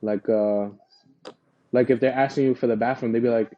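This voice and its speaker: A man's voice: medium pitch, steady tone, normal speed, highs cut off. A man co-hosting a podcast, talking casually in a rambling way with lots of fillers and restarts. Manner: laid-back, rambling with many fillers and restarts. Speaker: podcast co-host. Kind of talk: casual chat.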